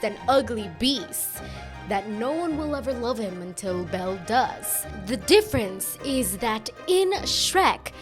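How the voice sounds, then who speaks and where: A woman giving casual video commentary, chatty and rambling, with self-deprecating asides. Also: fairly high pitch. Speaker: YouTube commentator. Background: background music.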